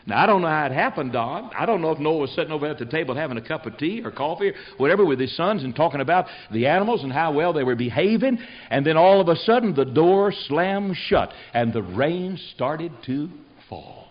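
An older male preacher, appearing as a guest on a talk show, tells stories in a folksy, emphatic manner, repeating phrases for effect. His voice is a little high, animated, and slightly fast, captured in a dull lo-fi recording.

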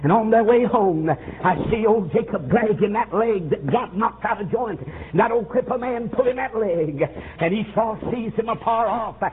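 Fervent preacher on a tinny old tape. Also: male voice, sits high, animated, normal speed, few pauses. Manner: fervent, swooping preaching with frequent "uh" and shouts. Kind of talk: revival sermon. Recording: tinny phone-like old recording with faint hiss.

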